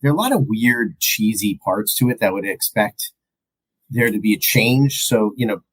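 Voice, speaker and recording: Male podcast co-host, husky, animated and rambling in film talk. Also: on the low side, poor audio. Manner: rambling, animated, mimics movie lines. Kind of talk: casual film review chat.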